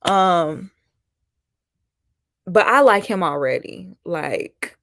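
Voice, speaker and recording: A woman's voice: on the low side, lively intonation, extremely slow, gravelly, fairly bright tone, dry recording, clean studio sound. A woman, hosting a casual live-stream reality-show commentary and chatting with viewers. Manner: chatty, reacts to viewer comments, mimics people mockingly. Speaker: host.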